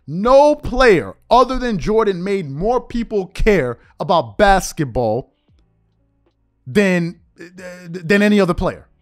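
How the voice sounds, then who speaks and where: A male sports host pushes through an animated opinion rant, repeating one rhetorical question after another in casual slang. His voice sits high and swings widely in pitch. Soft music plays faintly underneath.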